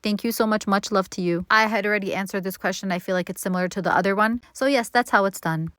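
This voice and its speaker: A woman's voice: mid-range voice, fast talker, dry recording. Chatty woman vlogger, dry close sound. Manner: chatty, candid, animated quoting. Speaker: baking channel host. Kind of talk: casual Q&A vlog.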